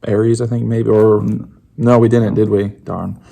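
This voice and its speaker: A man with a lowish voice and a gravelly, fry-laden edge talks casually as he unboxes game tokens. He is relaxed, laughs easily and fills pauses with ums. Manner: relaxed and chatty, laughs often, trails off with fillers. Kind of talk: casual chat.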